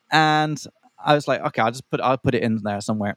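A man's voice: medium pitch, very animated, fairly quick, long pauses, dry recording. A young man co-hosting a podcast for English learners, telling a rambling story in a casual way, stopping to explain slang and acting out the other voices. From Australia. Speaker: podcast co-host.

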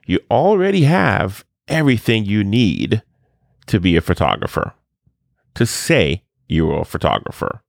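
A man's voice: low voice, vocal fry, no echo, studio quality. A man hosting a podcast, talking casually and rambling with restarts and stutters, sometimes acting out what others said. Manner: animated, acts out quoted voices. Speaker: podcast host and photography teacher.

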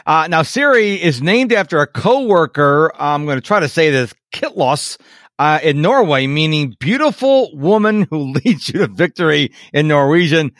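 A man's voice: on the high side, animated, normal speed, few pauses, fairly bright tone, dry recording, studio quality. Chatty man co-hosting a tech podcast. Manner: chatty, playful, jumps between topics. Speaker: podcast co-host. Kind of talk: casual tech podcast chat.

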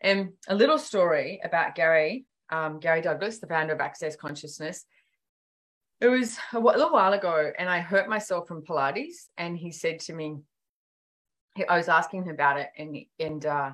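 A woman speaking in casual podcast conversation, telling animated stories and acting out quoted dialogue, with many fillers like "like" and "you know". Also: low-pitched, moderate pace. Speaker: author and guest.

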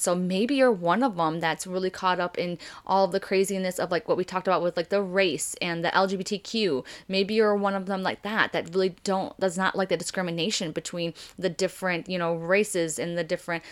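A bubbly, excitable woman hosting a podcast workshop, talking fast and loud in a casual, chatty way. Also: on the low side. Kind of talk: casual guided workshop talk.

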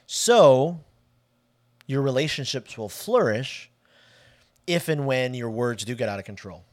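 A man talks on a casual podcast in a mid-range voice, animated and leaning hard on key words. The sound is dry and close. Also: medium pitch, unhurried, dry recording. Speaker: podcast co-host.

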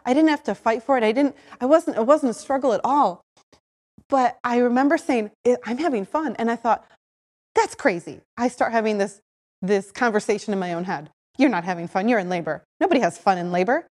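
A woman hosting a podcast, telling her own story in a lively way, acting out her own voice in quotes and often saying "like". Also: fairly high pitch, fairly quick, long reverb tail. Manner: animated, acts out her own voice in quotes, frequent "like". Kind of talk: personal storytelling.

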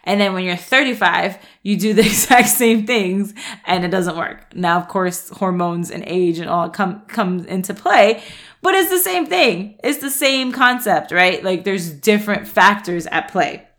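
A woman's voice: medium pitch, expressive, a little slow, a bit bright. A woman working as a happiness and nutrition coach, giving a casual motivational talk in a frank, chatty way, often restarting sentences, laughing and swearing.

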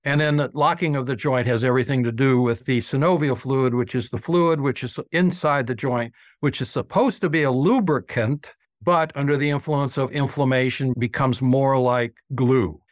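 An older man who works as an oral surgeon tells patient stories in an interview, speaking earnestly and acting out what patients said. His voice is mid-range, and the recording is clean studio sound with no echo.

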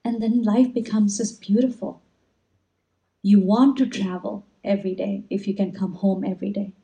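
Gentle, mellow-voiced woman telling reflective stories. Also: mid-range voice, level tone, normal speed, vocal fry, low-quality recording. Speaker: spiritual teacher. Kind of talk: inspirational talk.

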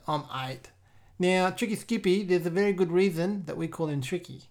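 A woman voices a boastful, mischievous eight-year-old boy hosting a comedy podcast, improvising in a bratty, giggly way with loud outbursts. Her voice is lowish and moderately paced, lightly acted.

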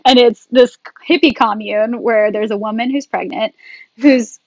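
A woman guest in a casual talk, telling her story in a chatty, animated way. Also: fairly high pitch, measured pace, no echo, poor audio. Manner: animated, chatty, laughs often. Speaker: podcast guest.

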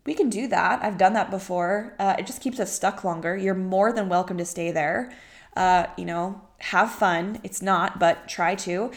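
A woman's voice: medium pitch, moderate pace. A young pregnant woman, a business coach, talking emphatically in a motivational podcast, repeating phrases and acting out her own inner voice.

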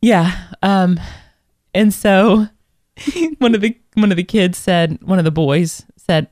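A woman's voice: mid-range voice, expressive, measured pace, darkish tone, no echo, clean studio sound. A woman with a Kentucky accent co-hosting a podcast, chatting in a rambling, self-deprecating way, still a bit under the weather. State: not fully well. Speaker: podcast co-host. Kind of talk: casual chat.

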